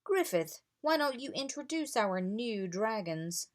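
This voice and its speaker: A woman voicing a gruff, proud king who speaks formally, in a read-aloud storybook. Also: fairly high pitch, very animated, measured pace.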